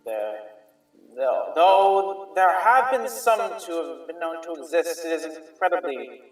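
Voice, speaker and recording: A man's voice: fairly high pitch, animated, a little slow, voice pushed up. A man voicing a shrewd, formal male merchant alchemist who speaks in stilted, hesitant phrases. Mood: formal bargaining. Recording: roomy sound, distant mic, faint music.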